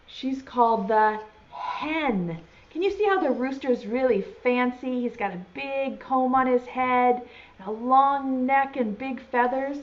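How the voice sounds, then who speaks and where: A woman teaching a virtual preschool lesson, talking slowly and in an exaggerated, sing-song way to small children and signing words as she goes. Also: sits high. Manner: uses sign language alongside speech. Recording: dull lo-fi sound.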